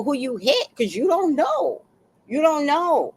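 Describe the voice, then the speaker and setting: A woman's voice: high-pitched, big pitch swings, measured pace. A woman telling a neighborhood story in a casual vlog, blunt and profane, acting out the people she describes. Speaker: vlogger.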